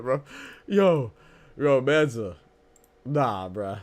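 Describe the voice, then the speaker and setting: A man hosts a boxing live stream from his desk, his mid-pitched voice jumping up and down as he talks. He breaks into laughs often and keeps tossing in "bro" as he riffs to his chat in a loose, casual way. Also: lively intonation, measured pace. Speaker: boxing podcast host.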